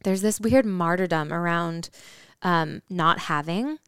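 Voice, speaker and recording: A woman in casual conversation, thinking aloud candidly and often pausing with fillers. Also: lowish voice, fairly bright tone, clean tone, no room sound, clean studio sound.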